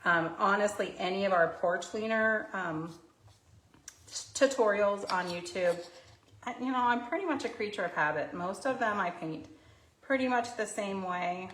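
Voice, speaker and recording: A woman's voice: mid-range voice, normal speed, fairly bright tone. A woman hosting a live painting tutorial indoors, chatty and self-deprecating, laughing easily as she explains her steps. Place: indoor craft studio under filming lights. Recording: roomy echo, faint noise.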